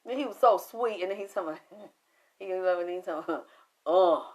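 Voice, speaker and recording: A woman telling a story about a spiritual reading to an audience in a casual, animated way, full of cursing and sudden excited jumps in pitch. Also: normal speed. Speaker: spiritual medium recounting a reading.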